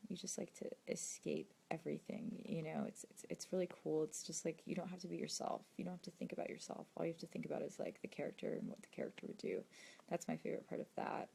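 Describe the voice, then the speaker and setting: A young woman, an actress and video creator, reading fan questions in a late-night livestream, talking softly and hesitantly, often dropping to a near-whisper. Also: sits low, steady tone, fast, creaky, slight background noise. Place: indoors at home late at night.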